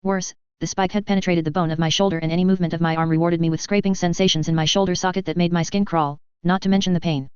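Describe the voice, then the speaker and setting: A woman narrating a first-person audiobook in a steady, measured reading. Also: lowish voice, smooth, dry recording. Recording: slightly dull recording.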